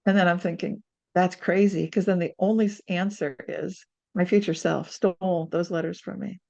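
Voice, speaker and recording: A woman's voice: lowish voice, normal speed, gravelly, dull audio. A woman in her sixties, an author guest in an interview, telling a personal story and acting out what people said. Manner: animated storyteller, acts out quotes.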